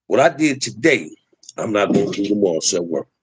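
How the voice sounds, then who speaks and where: A man's voice: fairly low pitch, big pitch swings, a little fast, husky, dry recording, rough recording. A middle-aged man, talking emphatically in a preachy street style as host of a livestream. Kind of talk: impassioned livestream talk.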